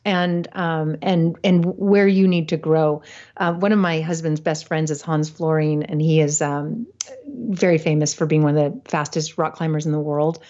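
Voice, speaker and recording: A chatty woman with a fairly low voice, talking loosely as a podcast guest and laughing often. Her talk is full of fillers and restarts. The sound is dull, like a remote lo-fi call. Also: steady tone, normal speed, warm tone. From United States. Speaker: podcast guest, real estate investor. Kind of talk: casual interview talk.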